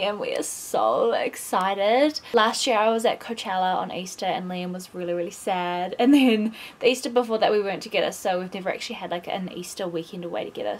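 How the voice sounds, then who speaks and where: A woman, chatting excitedly to camera in a casual vlog and often dropping to a hushed voice. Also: mid-range voice. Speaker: vlogger.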